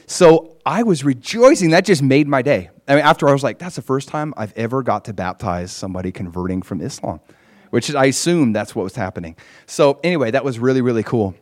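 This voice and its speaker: A man casually recounting a ministry trip, growing animated and loud as the story builds. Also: fairly quick. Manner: animated, gets loud and high when excited; frequent fillers and restarts. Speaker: traveling minister.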